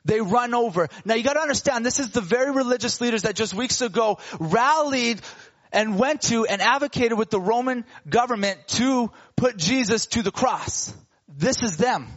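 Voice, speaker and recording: A man preaching a sermon, retelling a story with lively casual slang and acting out the characters' voices. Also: very high-pitched, moderate pace, highs cut off.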